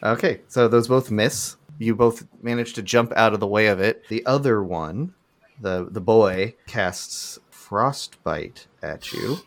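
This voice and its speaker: A man running a tabletop game as game master, narrating in a relaxed way with chuckles. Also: lowish voice, takes it slowly. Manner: relaxed, loose with fillers and chuckles.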